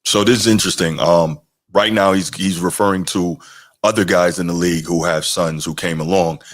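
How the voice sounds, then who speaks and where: Man, podcast host, very low voice, casual reaction commentary, dry sound. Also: fairly even intonation, moderate pace, no room sound. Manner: casual, conversational, reads chat comments aloud.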